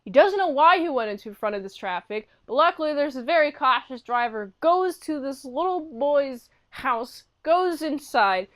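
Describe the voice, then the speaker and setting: High-voiced woman chatting through a recap. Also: moderate pace, few pauses. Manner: animated retelling, acting out characters' lines; chatty, peppered with "like". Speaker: episode reviewer. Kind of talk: casual episode recap and review.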